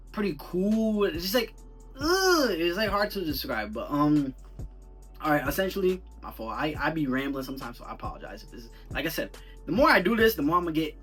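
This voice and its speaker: A young man reviews a film in a loose, rambling rant thick with slang, sounding animated and incredulous. His voice is bright and forceful. He sits a bit back from the mic, with faint music underneath. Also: a little high, recorded from a distance. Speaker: movie reviewer. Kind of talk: casual movie review rant.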